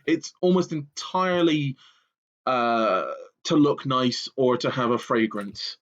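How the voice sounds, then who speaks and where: A man's voice: medium pitch, slow, dull audio. A man from Bristol, a streamer, explaining things with hesitant fillers in casual banter. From Bristol, England.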